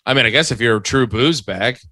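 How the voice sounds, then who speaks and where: A man's voice: mid-range voice, fast talker, pushed and bright, dry recording. A man co-hosting a podcast, riffing and teasing playfully in casual banter. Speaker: podcast co-host.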